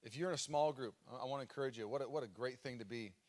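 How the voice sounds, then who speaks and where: In a church auditorium, an American pastor in his thirties preaches live into a stage microphone at a very fast clip. His voice is mid-range, and he tells animated stories, dramatically acting out the cries he once made.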